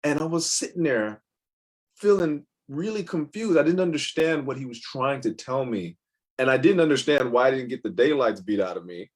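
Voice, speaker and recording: A man with a middle-pitched voice tells personal stories as an interview guest. He speaks candidly and rambles, circling back with restarts before landing his points. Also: expressive, normal speed. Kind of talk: casual interview storytelling.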